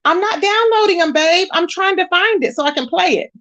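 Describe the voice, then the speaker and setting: A woman's voice: extremely high pitch, a little fast, fairly bright tone, lo-fi sound. A woman hosting a casual livestream, greeting viewers and chatting while she searches her screen. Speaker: livestream host.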